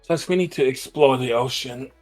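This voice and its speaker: A man's voice: mid-range voice, normal speed, darkish tone, faint music behind. A man chatting casually and teasing his friends while playing a game together on stream. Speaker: stream co-player. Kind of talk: casual gaming chat.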